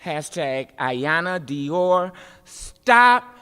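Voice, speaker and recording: A woman performing spoken-word poetry with rhythmic, emphatic refrains and dramatic pauses, then speaking informally at a festival event. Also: low-pitched, animated, fairly bright tone, smooth. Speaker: poet and city politician speaking at a festival. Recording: long reverb of a large hall.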